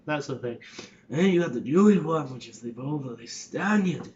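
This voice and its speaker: A man's voice: a little high, lively intonation, a little fast, a little mellow, muffled recording, a little hiss or hum. A man rambling casually through an accent tutorial, swearing and interrupting himself. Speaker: vlogger and acting student.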